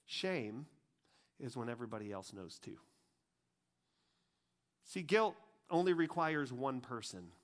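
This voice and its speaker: A man preaching a conversational sermon, chatty and full of asides, dropping to a hushed, grave tone for serious points. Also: medium pitch, expressive, measured pace, long pauses. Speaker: pastor.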